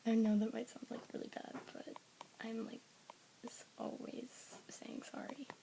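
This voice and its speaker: A woman vlogger talking casually to her viewers, rambling with many fillers and often slipping into a breathy half-whisper. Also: on the high side, little pitch movement, a little slow, poor audio. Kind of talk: casual talk to camera. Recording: clear background hiss with clicks.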